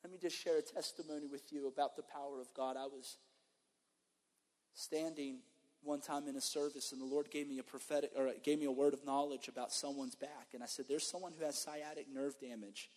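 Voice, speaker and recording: A man's voice: medium pitch, a little fast. Emphatic male preacher in an echoing church. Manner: emphatic, storytelling, animated. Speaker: guest preacher. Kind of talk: sermon and testimony. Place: church sanctuary. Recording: long reverb of a church hall.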